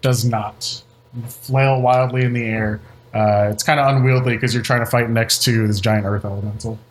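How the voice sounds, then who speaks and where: Man, mid pitch, game master running a tabletop session, steady narrator with a faint hiss behind. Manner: plain narrating, quick rulings.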